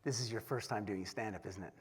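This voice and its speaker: A man voicing a calm, easygoing veteran male comedian who reassures a nervous newcomer. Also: fairly low pitch, fast talker, husky. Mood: reassuring. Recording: long hall reverb.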